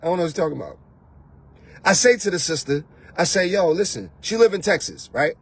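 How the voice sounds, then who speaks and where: A man hosting his own show, ranting loudly and mockingly about dating, often slipping into soft mimicking voices. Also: on the high side, lively intonation, fast, breathy edge. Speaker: host. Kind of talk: animated rant to camera. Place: lives in Atlanta.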